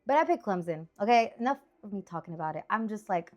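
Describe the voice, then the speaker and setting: A woman in her thirties chatting through her sports picks in an animated, rambling, exclamatory way. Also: mid-range voice, fast. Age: 30s.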